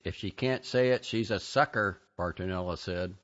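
A man doing Bartonella, a loud taunting inner voice. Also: deep voice, moderate pace, dull audio. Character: taunting bossy inner voice, goading and mean.

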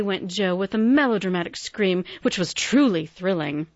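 A woman reading a classic novel aloud as audiobook narrator, measured and expressive. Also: mid-range voice, no room sound, highs cut off.

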